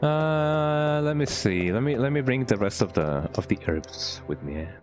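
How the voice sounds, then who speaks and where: A man's voice: mid-range voice, lively intonation, normal speed, faint music behind. A man streaming a game and chatting casually with viewers, playful, ending nearly every sentence with a questioning "eh?". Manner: playful, chats with viewers while playing. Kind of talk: casual gameplay commentary.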